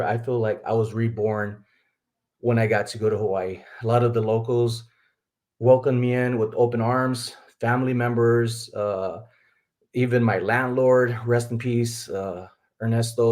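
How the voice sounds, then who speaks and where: A middle-aged man from Texas hosting a casual live stream, rambling warmly to viewers with frequent laughs. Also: lowish voice. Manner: rambling, chatty, laughs often, talks to viewers as folks. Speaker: livestream host, reseller.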